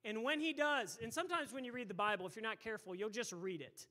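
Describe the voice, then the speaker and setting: A pastor preaching a sermon into a microphone in a church, loud and emphatic, repeating words and breaking into shouts. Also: male voice, high-pitched, fast talker. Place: church sanctuary. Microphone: handheld or stage microphone.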